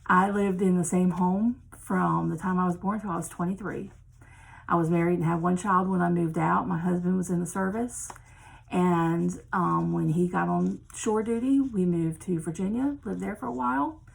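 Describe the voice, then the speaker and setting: A woman's voice: on the low side, steady tone, moderate pace, vocal fry, husky, rough recording. A woman in her fifties, from Maryland with an accent picked up from South Carolina, chatting casually as a cross-stitch vlogger, rambling with frequent ums. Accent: mixed Maryland and South Carolina. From Maryland, USA. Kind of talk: casual chat to camera.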